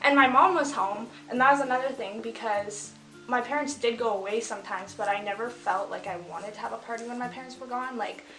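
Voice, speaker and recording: A woman's voice: on the high side, fairly quick, bright, forceful tone. A woman in her twenties casually telling a story, chatty and full of fillers, often laughing as she talks. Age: 20s. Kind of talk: casual story time chat. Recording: echoey room with faint music.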